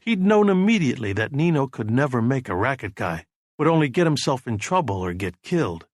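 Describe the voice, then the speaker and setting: A man narrating a novel as an audiobook in a steady, measured storytelling voice. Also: mid-range voice, no echo, clean studio sound. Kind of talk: scripted narration.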